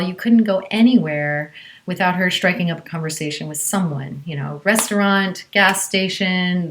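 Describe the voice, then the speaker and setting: A woman's voice: fairly low pitch, fairly bright tone. A woman from Southern California telling a personal story in a conversational way, with many fillers.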